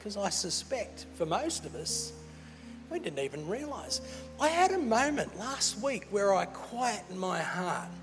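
A pastor preaching in a big church hall, his high voice carrying a long reverb tail. He speaks slowly and deliberately, playful and animated, with soft music faintly underneath. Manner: animated, playful, laughs between points. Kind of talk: sermon.

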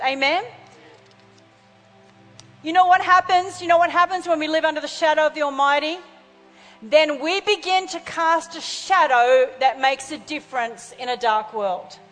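Female pastor, high voice, fervent sermon, long hall reverb. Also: normal speed, a bit bright, faint music behind. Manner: fervent, calls out to congregation.

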